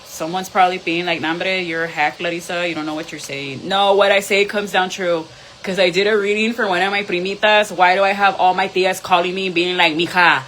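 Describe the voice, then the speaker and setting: A woman's voice: on the low side, bright, forceful tone, a little hiss or hum, low-quality recording. A woman doing a live tarot reading, blunt and profane, switching between English and Spanish. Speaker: tarot reader.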